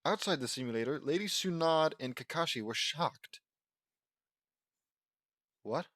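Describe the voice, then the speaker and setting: A man with a sore throat reads fan fiction aloud, constantly breaking off into rambling, self-mocking chatter. His voice sits at an ordinary pitch. The home recording is dry and close. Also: animated, moderate pace, fairly bright tone, no echo. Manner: rambling, self-deprecating, easily sidetracked. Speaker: fan fiction audiobook reader.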